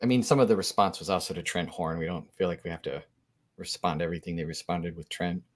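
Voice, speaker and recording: A male co-host chimes in with quick, offhand remarks during a casual livestream discussion. His voice is deep and his delivery brisk. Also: steady tone.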